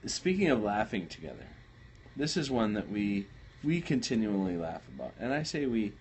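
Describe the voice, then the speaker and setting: A man's voice: lowish voice, very animated, normal speed, darkish tone, a little hiss or hum, low-quality recording. A man co-hosting a casual live stream with his wife, chiming in with joking asides. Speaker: co-host, host's husband.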